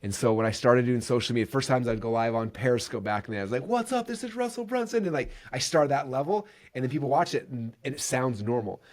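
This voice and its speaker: A man's voice: mid-range voice, fast talker, few pauses. A man hosting a podcast, telling stories in a casual, enthusiastic monologue full of "like" and "right". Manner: energetic, enthusiastic, many fillers like "like" and "right". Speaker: podcast host.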